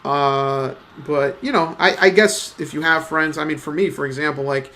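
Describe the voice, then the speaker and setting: Bright-voiced young man, casual rambling chat. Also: a little high, normal speed, a little hiss or hum. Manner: profane, slangy storytelling with many fillers. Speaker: let's play commentator.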